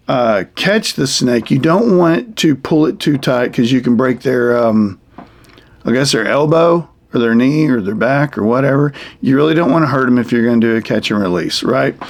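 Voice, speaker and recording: A man with a medium-pitched, creaky voice and a darkish tone teaches kids wilderness survival. His explanation rambles in a folksy way, full of fillers, like a casual how-to demonstration for children.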